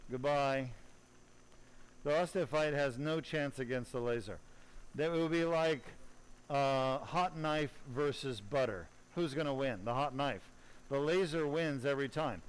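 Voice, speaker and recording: A man's voice: a little high, unhurried, clear, resonant tone, poor audio. A middle-aged man, a spine surgeon, giving live commentary during surgery, blunt and opinionated with jokey asides to the audience.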